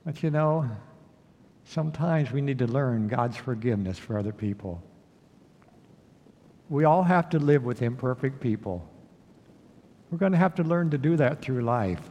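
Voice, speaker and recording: Pastor preaching in a reverberant hall. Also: male voice, medium pitch, a little mellow. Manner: storytelling with acted quotes, asks the congregation questions. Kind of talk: sermon. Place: church sanctuary.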